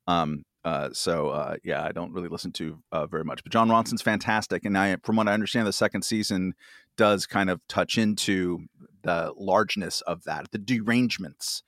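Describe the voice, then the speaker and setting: Low-voiced rambling man in his fifties. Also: fairly even intonation, normal speed, fairly bright tone, dry recording, clean studio sound. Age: 50s. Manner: rambling, full of fillers and self-deprecating asides. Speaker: podcast guest. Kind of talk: casual chat.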